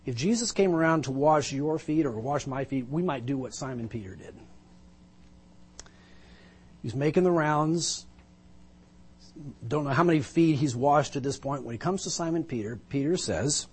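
A man's voice: on the high side, lively intonation, moderate pace, pauses often, breathy edge. A male pastor preaching a sermon, retelling a Bible story vividly and with emphasis, pulling listeners into the scene.

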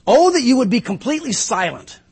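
A man reading aloud as a suffering man who cries out to his friends in a raised, husky, strained voice. He pleads and then bites back with sarcasm. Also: high-pitched, sing-song, moderate pace, fairly bright tone, pitched above the performer's own voice, exaggerated voice. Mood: bitter.

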